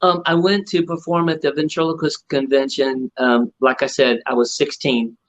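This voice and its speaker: A man's voice: mid-range voice, moderate pace. A middle-aged man, a ventriloquist, telling stories in an interview and acting out the voices of the people in them. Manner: animated storyteller acting out quotes. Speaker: ventriloquist guest. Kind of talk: storytelling interview. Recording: muffled lo-fi audio.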